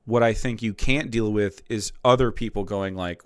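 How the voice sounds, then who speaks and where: A man's voice: on the low side, normal speed, dry recording, clean studio sound. A man streaming and ranting about politics in a heated, profane, mocking way.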